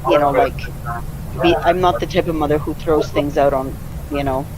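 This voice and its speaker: A woman's voice: sits low, fairly even intonation, normal speed, background noise. A middle-aged woman hosting a live art show in casual chat, laughing often.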